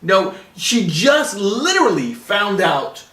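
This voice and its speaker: A man's voice: high-pitched, very animated, slow pace, pushed and bright. A man hosting a podcast in casual chat, ranting with sarcastic disbelief about a movie. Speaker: podcast host. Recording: echoey room, mic set far off.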